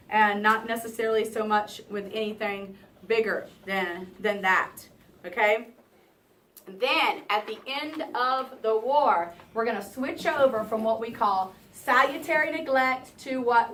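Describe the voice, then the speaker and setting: Woman teacher in an echoey classroom. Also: fairly high pitch. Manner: lively, talks to students, keeps asking "right?". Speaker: history teacher. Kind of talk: classroom review lesson. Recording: echoey classroom, from far off, faint room noise.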